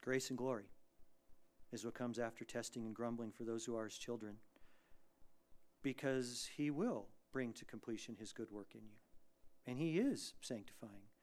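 A man preaching a sermon as pastor, dynamic, moving between hushed lines and loud, emphatic bursts. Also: mid-range voice, moderate pace, pauses often. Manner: acts out quoted prayers and voices.

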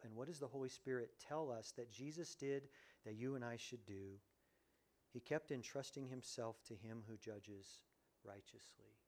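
Man, pastor, mid-pitched, animated sermon with big loud-to-soft swings. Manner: animated, swings from loud to hushed, acts out quoted voices.

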